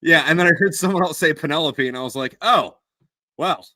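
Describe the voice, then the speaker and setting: A man, author of the books he discusses, hosts a casual live-stream chat about them, rambling and putting himself down with plenty of fillers and restarts. His voice is on the high side, sharp, and rapid-fire, with slight background noise.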